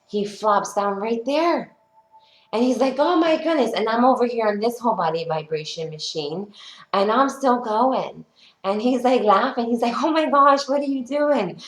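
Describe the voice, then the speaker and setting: A woman leading a home workout as a fitness instructor, upbeat and encouraging, chatting and telling stories between cues. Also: medium pitch. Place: her workout studio, indoors. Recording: echoey room with faint music.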